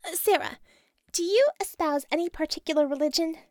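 A woman voicing a firm, caring female leader in a storybook, persuasive and steady. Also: very high-pitched, brisk, dry recording, clean studio sound, pitched above the performer's own voice.

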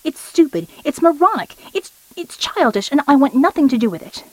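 A woman's voice: on the high side, sing-song, measured pace, dry recording, rough recording. A woman voicing a petulant, eight-foot male metahuman who complains in an indignant, whiny way, read in a dry recording. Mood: angry. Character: petulant giant male metahuman, angry, pouting.

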